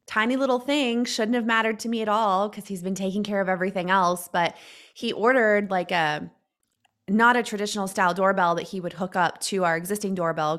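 A woman's voice: lowish voice, a bit bright. Chatty woman in her late thirties. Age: late 30s. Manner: chatty, reflective, frequent "like" fillers. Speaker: guest sharing a personal story. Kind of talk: casual personal storytelling.

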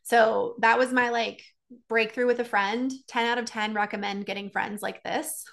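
Woman coach chatting candidly, bit of gravel and fry in her voice, acts out both sides of a convo. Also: a little high, moderate pace. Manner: candid, animated retelling with quoted dialogue. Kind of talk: casual solo talk.

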